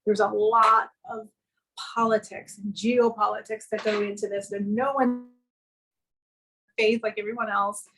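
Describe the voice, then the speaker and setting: A woman's voice: mid-range voice, flat delivery, measured pace, a bit bright, rough recording. A woman from the American South telling a long personal story in a casual interview over a video call from her home music studio. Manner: earnest, rambling anecdote with quoted dialogue. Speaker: guest actress and filmmaker.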